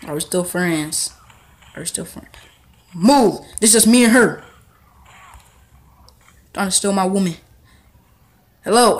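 A young man giving casual gameplay commentary, excitable and talking back to the characters on screen. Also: high voice. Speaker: gaming channel host.

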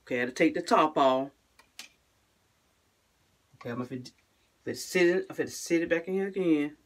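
A woman speaks briskly in a casual vlog to camera, using short phrases she keeps restarting. At the end of most lines her voice drops to a quiet, low "guys" or "y'all."

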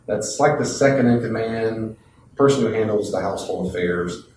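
A man teaching a Bible class, lively and folksy, acting out voices from the story. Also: on the low side, moderate pace, slight background noise. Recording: echoey classroom from a distant mic.

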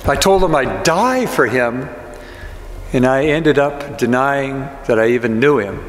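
A man, a pastor, voicing the remorseful apostle Peter in a halting, confessional monologue. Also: medium pitch, lively intonation, lightly acted. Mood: grieving. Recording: echoey church with long reverb.

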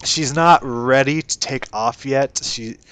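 A man's voice: medium pitch, takes it slowly, fairly bright tone, no echo. A man casually recounting his role-playing game character in a rambling monologue, laughing often and swearing freely.

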